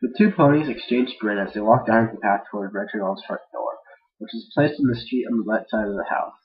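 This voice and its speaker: A man's voice: fairly low pitch, a little fast. A man casually reading a fan-fiction story aloud without edits, rambling with jokey asides and stumbling over words, on a dull lo-fi home mic.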